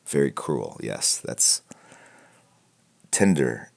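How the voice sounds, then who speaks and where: A man's voice: extremely low pitch, big pitch swings, takes it slowly, gravelly, long pauses. A man hosting a live art critique stream, chatting casually and rambling with jokes, fillers and restarts while wearing headphones. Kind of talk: casual livestream chat. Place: room at home with piles of comic books.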